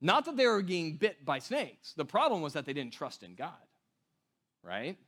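A man preaches in a loose, chatty way, his fairly high voice jumping up and down as he acts out the people in his stories. He keeps checking in with his listeners and slows down to lean on key words. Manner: casual, conversational preaching with frequent "right?" and "like"; animated storytelling, acting out quoted voices. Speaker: pastor. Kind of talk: sermon.

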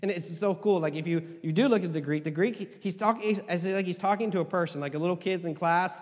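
A man preaching a sermon as pastor, conversational and animated, with asides. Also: high-pitched, quick pace, hardly any pauses. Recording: hall reverb.

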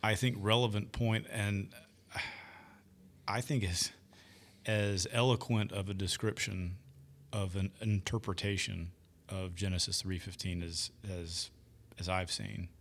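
A low-voiced man chatting about scripture in a relaxed podcast. He keeps backing up the others with quick agreement and speaks in short, affirming bursts. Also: slight background noise. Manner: agreeable, affirming, frequent yeahs. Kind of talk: casual Bible discussion.

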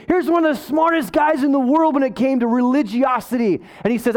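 A man with a notably high voice preaches a sermon to his congregation. He talks in a loose, conversational way, full of asides and jokes, and he sounds fired up. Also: brisk, few pauses. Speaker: pastor.

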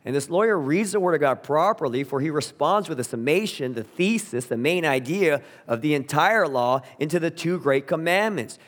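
A man preaching a sermon as a pastor, earnest and emphatic, slowing down to stress key words. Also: on the high side, expressive. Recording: long reverb of a large hall.

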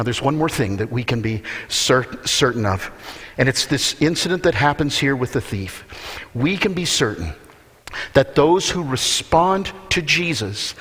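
A man's voice: fairly high pitch, fairly bright tone, husky. A man preaching a sermon in an earnest, emphatic way, repeating words for stress. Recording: long hall reverb.

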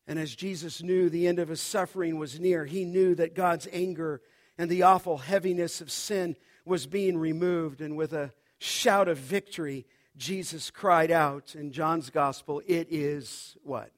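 A man's voice: a little high, fairly even intonation, a little slow. A man preaching a sermon to his congregation in an impassioned way, repeating phrases and prompting the crowd to answer. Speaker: pastor. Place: church service.

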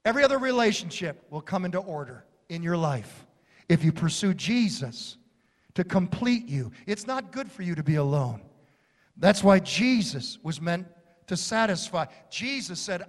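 A man preaching a sermon with impassioned delivery, building to shouts and dropping to quiet, low lines. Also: lively intonation, measured pace, long reverb tail.

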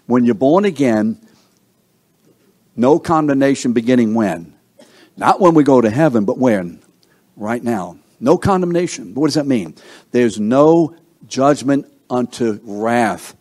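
A man's voice: medium pitch, lively intonation, measured pace. Emphatic man preaching a sermon. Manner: call-and-response questions to the congregation; emphatic, swings from loud to hushed.

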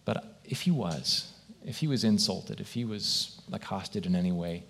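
A man's voice: lowish voice, moderate pace, vocal fry, a bit bright, a little hiss or hum. A man preaching a sermon as pastor, earnest and reflective, posing question after question to his congregation in a church.

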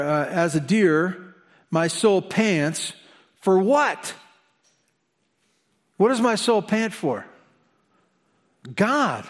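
A man preaching a sermon as pastor, animated and conversational, with humorous asides. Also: a little high.

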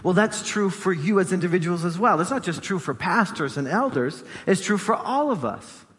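A man's voice: high-pitched, animated, normal speed, a bit bright. Emphatic male pastor preaching in a reverberant hall. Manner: emphatic preaching, repeating phrases for stress. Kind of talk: sermon.

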